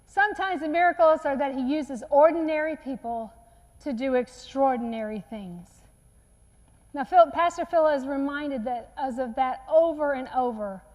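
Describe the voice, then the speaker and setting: Woman preacher, high voice, earnest storyteller, church sermon with long reverb. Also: moderate pace. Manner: earnest storytelling, acts out quotes softly. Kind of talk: sermon retelling a Bible story. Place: church sanctuary.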